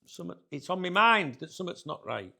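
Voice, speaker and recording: Gravelly, sweary Scouse man ranting. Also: high voice, very animated, quick pace, pushed and bright. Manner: sweary, rambling, grumbling. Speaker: football channel host. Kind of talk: casual rant to camera. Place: sat in a chair indoors.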